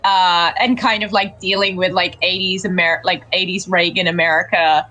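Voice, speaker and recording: A woman's voice: on the low side, steady tone, moderate pace, bright, forceful tone. A woman who plays in a tabletop game, chatting casually during a break and laughing often.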